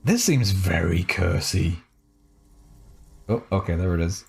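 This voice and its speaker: A man playing through a game on a live stream, his lowish voice lively and full of swings. He talks slowly and playfully, rambling and cutting himself off. Faint game music sits behind him. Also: vocal fry. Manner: playful, rambling and self-interrupting. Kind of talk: casual live-stream commentary.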